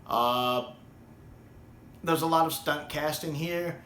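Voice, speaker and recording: A man's voice: a little high, slow, pushed and bright, echoey room, a little hiss or hum. A man from the United States giving a casual, rambling spoken review with plenty of ums and restarts. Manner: rambling, with many ums and repeated words. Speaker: video reviewer.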